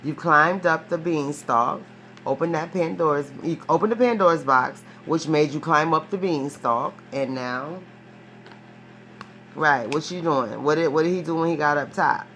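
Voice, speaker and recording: A woman's voice: low voice, normal speed, slight background noise. A woman giving a casual, rambling tarot reading. She talks emphatically, restarts often, swears freely and keeps checking in with a questioning "right?". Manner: rambling and profane, ends phrases with a questioning "right?"; animated, emphatic storytelling with frequent restarts. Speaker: tarot reader.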